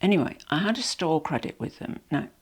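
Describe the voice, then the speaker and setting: A woman's voice: sits low, expressive, a little fast, husky. Nasal woman with a cold, rambling. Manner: chatty, rambling and apologetic. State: has a cold, a bit out of breath. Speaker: vlogger. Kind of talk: casual unboxing chat. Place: at home. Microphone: small microphone.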